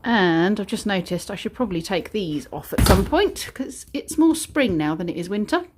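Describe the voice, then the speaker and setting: A woman's voice: medium pitch, animated, normal speed. A woman vlogging, chatting casually and cooing sing-song baby talk to little ones. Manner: sing-song, coos and plays with babies. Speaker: vlogger and mother. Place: back garden, outdoors. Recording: noisy home video.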